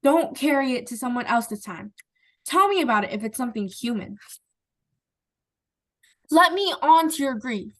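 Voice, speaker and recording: A woman's voice: high-pitched, lively intonation, normal speed, pauses often, a bit bright. A woman reading a pleading, frustrated husband. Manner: pleading, earnest recitation.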